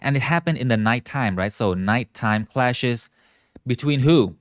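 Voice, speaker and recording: A man teaching English in a live online lesson, explaining words slowly, stretching key terms and often checking in with viewers. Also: medium pitch, expressive, no echo, clean studio sound. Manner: models pronunciation and asks viewers to repeat.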